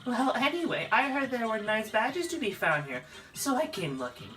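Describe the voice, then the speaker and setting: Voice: medium pitch, very animated, normal speed, fairly bright tone, voice pushed up. A player doing a coy flirty thief. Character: flirty teasing female thief, smooth-talking. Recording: distant mic, game music behind.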